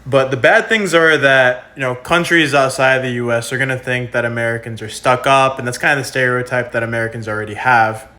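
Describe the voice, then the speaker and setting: A man's voice: medium pitch, sharp tone. A man talking casually to camera, emphatic and enthusiastic, swearing freely.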